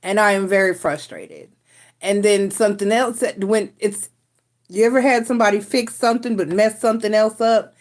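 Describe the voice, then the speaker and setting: A woman chats casually on her live stream and talks through her frustrations in a rambling way. She often starts over and trails off with sighs. Her voice sits at an ordinary middle pitch. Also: normal speed. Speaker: tarot reader and live stream host.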